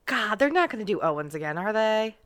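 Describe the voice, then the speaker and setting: A woman's voice: mid-range voice, sing-song, brisk, a bit bright. A woman co-hosting a casual wrestling podcast, teasing and sarcastic toward her co-host.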